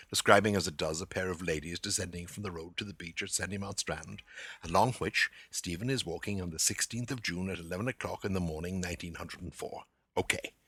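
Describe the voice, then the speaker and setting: A low-voiced man hosts a literary lecture podcast, his tone bright and forceful over a gravelly, husky grain. He talks in a theatrical, animated way and drops playful asides to his audience. The recording is dry and close. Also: no room sound.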